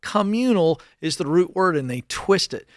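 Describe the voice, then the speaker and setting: A man co-hosting a radio talk show who mostly agrees with the host and tells a short story calmly. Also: sits high, moderate pace, dry recording, clean studio sound. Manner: agreeable, brief backchannels, then a calm story. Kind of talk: casual studio chat.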